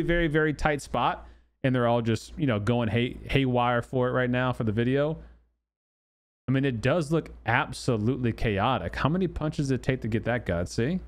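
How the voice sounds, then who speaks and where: A man hosting a gaming channel, talking loosely through game news with many fillers and restarts. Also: mid-range voice. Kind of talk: casual commentary on game news.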